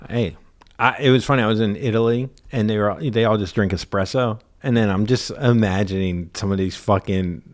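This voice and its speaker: Low-voiced man teasing, casual chat. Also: a little fast. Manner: teasing, dry, swearing. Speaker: podcast co-host.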